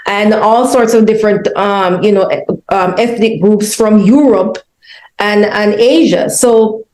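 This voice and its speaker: A woman's voice: mid-range voice, darkish tone. A woman hosting an interview, asking rambling questions full of hesitations. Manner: hesitant, lots of fillers. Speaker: host, interviewer. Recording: echoey room.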